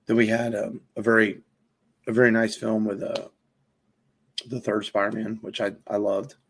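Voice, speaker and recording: A man's voice: lowish voice, level tone, normal speed, a little hiss or hum. A man co-hosting a podcast, chatting casually about films in a rambling way, with lots of fillers and restarts. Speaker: podcast co-host. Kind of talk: casual film chat.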